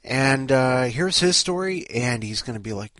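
A man's voice: mid-range voice, expressive, normal speed, a bit bright, no room sound, clean studio sound. A man hosting a podcast, rambling casually with lots of swearing and self-mocking grumbles. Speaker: podcast host.

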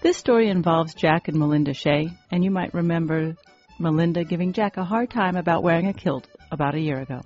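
A woman's voice: on the low side, brisk, a little mellow. A woman introduces and reads a short story in a friendly, plain manner. The sound is dull and lo-fi, with faint music behind her. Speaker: story contributor. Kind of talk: reading a short story aloud.

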